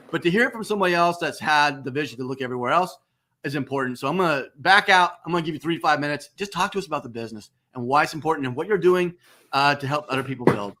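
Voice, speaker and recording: A man hosting a business webcast, talking emphatically and repeating words for stress. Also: racing. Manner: emphatic, repeats phrases, lively swings in pitch. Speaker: host. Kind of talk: enthusiastic business webcast talk.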